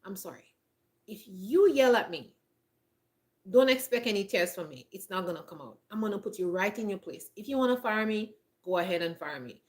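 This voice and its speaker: Speaking a little fast in an animated mid-range voice, this woman vlogs from a countryside homestead. She looks straight into the camera with blunt, emphatic advice, laughs often, and has a frog in her throat.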